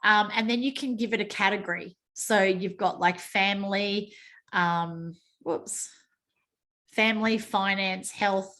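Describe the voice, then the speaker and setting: A woman's voice: mid-range voice, steady tone, measured pace, pushed and bright. Chatty Australian woman on a call. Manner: chatty, self-mocking, exclaims over slips. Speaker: team call host. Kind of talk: screen-share training call. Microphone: video call.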